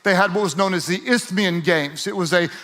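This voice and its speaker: A man preaching a sermon as a pastor, moving from relaxed joking asides to rising, emphatic exhortation, and asking listeners to repeat lines aloud. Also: high voice, brisk.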